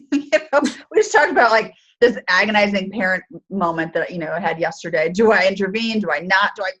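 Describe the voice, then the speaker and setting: A woman's voice: mid-range voice, fairly quick. Woman cohost rambling along, lots of ums, kinda muffled lo-fi sound. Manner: relaxed, rambling, many fillers. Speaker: co-host. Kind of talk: casual chat.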